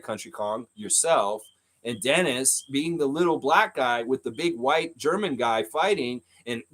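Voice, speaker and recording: A man's voice: fairly high pitch, fairly bright tone. A man hosting a live stream, talking in a casual, rambling way and answering comments from the chat.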